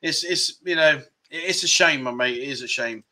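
A man's voice: fairly high pitch, normal speed, sharp tone. A man in his fifties hosting a casual livestream, chatting candidly and reading out viewer comments with frequent chuckles. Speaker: livestream host.

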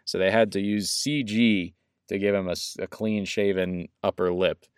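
Low-voiced man ranting casually about movies. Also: fairly even intonation, normal speed, smooth, no echo, studio quality. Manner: laughs often, rambling movie rant. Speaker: podcast co-host. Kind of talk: casual chat.

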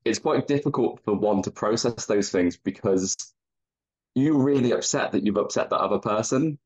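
A man's voice: on the low side, normal speed, darkish tone, slightly rough. A man, a podcast guest, explaining things in a reflective, rambling way. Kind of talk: casual chat. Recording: dull muffled audio.

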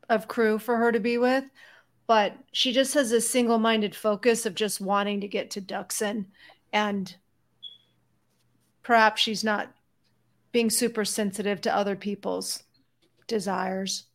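A woman playing a tabletop role-playing game, speaking both in and out of character in a brisk, teasing manner. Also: medium pitch. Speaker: player voicing a character.

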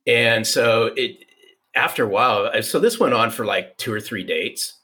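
A man in his fifties, a podcast guest telling a personal story in an animated, repeating way. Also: medium pitch, normal speed. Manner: animated, restarts, repeats for emphasis. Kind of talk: conversational storytelling.

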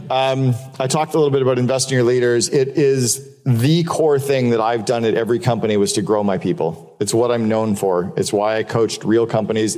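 A man's voice: medium pitch, a little mellow. A man giving a candid, profane business keynote to a live audience, telling stories and repeating points for emphasis. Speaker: keynote speaker. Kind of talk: live business talk with storytelling. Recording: long hall reverb.

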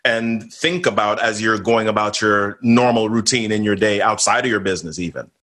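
A man's voice: on the low side, normal speed, fairly bright tone. A man hosting a podcast interview, asking probing questions and throwing in short eager reactions. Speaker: podcast host. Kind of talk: casual interview talk.

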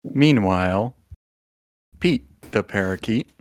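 A man's voice: on the low side, expressive, takes it slowly, dry recording. Dry-voiced man running a tabletop game. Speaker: game master.

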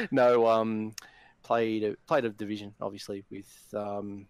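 A man's voice: fairly low pitch, expressive, measured pace, dry recording. A man co-hosting a podcast, laid-back and grumbling, with plenty of ums. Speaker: podcast co-host. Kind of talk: casual podcast chat.

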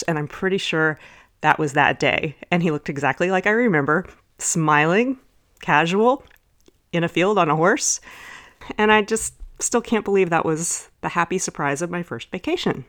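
Podcast host, middle-aged woman from Texas, lively storyteller, lowish voice. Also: normal speed. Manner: lively anecdotal storytelling with chuckles.

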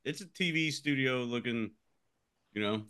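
A man co-hosting a casual podcast, excitable and quick to react. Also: mid-range voice, smooth. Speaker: podcast co-host.

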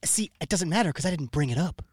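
A man's voice: fairly high pitch, lively intonation, breathy edge, no room sound, clean studio sound. Guy cohosting a comedy podcast, stumbles over his words a lot, chill tone. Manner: halting, stammering restarts. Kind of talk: casual comedy podcast chat.

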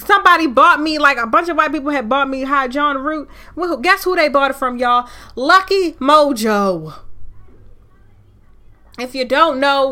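A woman hosting a solo podcast, speaking, ranting fiercely and preaching with rising anger. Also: high-pitched. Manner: fiery, preachy, loud at times. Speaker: podcast host. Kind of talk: impassioned solo podcast rant.

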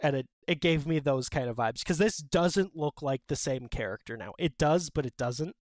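A man with a fairly high voice, recorded close and dry with no room sound. He chats about comic scenes in an animated, opinionated way and peppers his talk with "like". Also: moderate pace, no echo. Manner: animated, opinionated, many "like" fillers. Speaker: podcast co-host. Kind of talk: casual chat about a manga.

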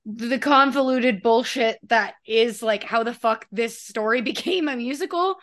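A woman's voice: on the high side, unhurried, fairly bright tone. A young woman co-hosting a podcast in casual chat, swearing and laughing as she talks. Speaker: podcast co-host.

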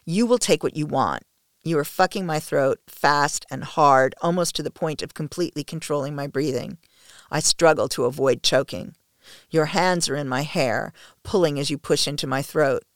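A woman narrating an intimate first-person story in a soft, hushed, slow manner. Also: deep voice, no room sound, clean studio sound.

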